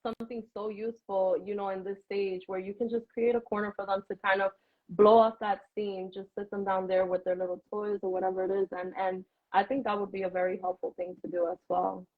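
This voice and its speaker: A woman's voice: mid-range voice, little pitch movement, fairly quick. A woman guest, a mother, talking earnestly and reassuringly in a remote interview. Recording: tinny phone-like call line.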